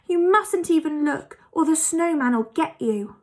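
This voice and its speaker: Storybook tree creature, male, high and excitable, shrill exclamations, put on by a woman reader, slight gravel. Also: normal speed. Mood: alarmed. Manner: high, exclaiming, mumbling through toffee.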